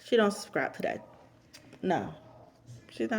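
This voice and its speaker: A woman casually recapping a reality show episode, chatty and repeating herself for emphasis, and she steers clear of cursing. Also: lowish voice, huge pitch swings, a little slow, slight background noise. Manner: avoids cursing.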